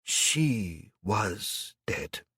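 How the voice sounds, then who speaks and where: Man doing a sorrowful older imam, audiobook, hushed, gentle, very slow, husky. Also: low-pitched, very animated, no room sound, studio quality, heavily acted.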